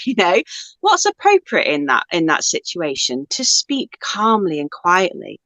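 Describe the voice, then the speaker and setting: A woman's voice: medium pitch, sing-song, moderate pace, fairly bright tone, dry recording. Reflective woman talking, dry close sound. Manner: reflective, rambling with many fillers. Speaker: guest, spiritual teacher. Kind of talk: casual conversation.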